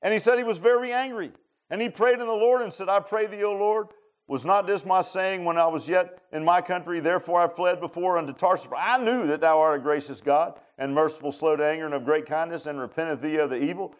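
A man delivers a folksy sermon. His voice sits a bit high for a man. He swings from loud, emphatic stretches down to low, quiet lines. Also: fast, clear, resonant tone. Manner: folksy, animated preaching with shifts from loud to low. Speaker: preacher.

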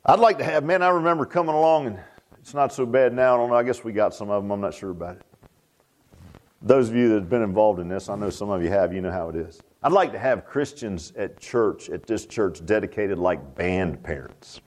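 An older man preaching a sermon in a folksy, animated way, repeating phrases for emphasis. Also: lowish voice, fairly quick. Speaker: pastor.

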